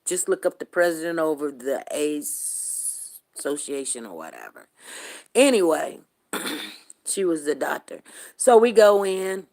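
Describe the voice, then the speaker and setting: A middle-aged woman who hosts a show, telling a story to her viewers in a casual, colloquial and animated way. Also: sits low, measured pace. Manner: colloquial and animated, talks straight to the audience. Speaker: show host.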